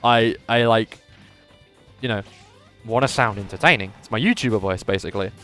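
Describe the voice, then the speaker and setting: A man commentating a live video game tournament and chatting with viewers in a lively commentator voice that he says is a little strained today. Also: fairly low pitch, moderate pace, faint music behind. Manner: animated commentator voice, says his voice is going. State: slightly strained voice.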